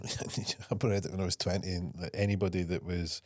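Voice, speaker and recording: A man's voice: deep voice, flat delivery, a little fast, dry recording, studio quality. A man hosting a podcast in casual chat, boastful and swearing, laughing easily. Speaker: podcast host.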